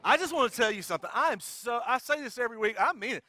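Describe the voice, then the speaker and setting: A male pastor preaching a sermon, playful and energetic, coaxing the congregation to join in. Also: very high voice, racing. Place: church sanctuary.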